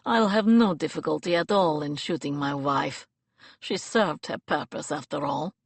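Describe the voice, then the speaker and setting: A woman's voice: low voice, normal speed, gravelly, slightly rough, no room sound, pitched below the performer's own voice, heavily acted. A woman voicing a ruthless, taunting male villain in an audiobook, snarling and gloating. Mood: menacing.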